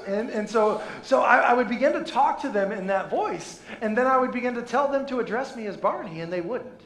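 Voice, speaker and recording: High-voiced, joking preacher in an echoey church. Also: male voice, animated, brisk, hardly any pauses, a bit bright. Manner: playful, self-mocking, many restarts. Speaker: pastor. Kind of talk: sermon.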